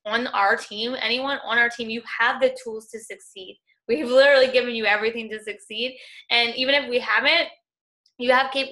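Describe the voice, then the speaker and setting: Bright-voiced young woman rallying her team. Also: a little high. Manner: earnest, encouraging, heavy use of "like" and "y'all". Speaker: fitness coaching team leader. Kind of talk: motivational talk on a group call.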